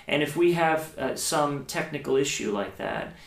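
A man's voice: fairly high pitch, animated, moderate pace. Man teaching cello in an echoey room. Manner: thinking aloud with many fillers and restarts, explains step by step. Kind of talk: casual video lesson.

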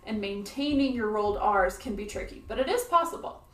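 A woman flute teacher explaining playing techniques in a friendly, clear instructional video. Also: mid-range voice, lively intonation, fairly quick, echoey room, recorded from a distance, heavy background noise.

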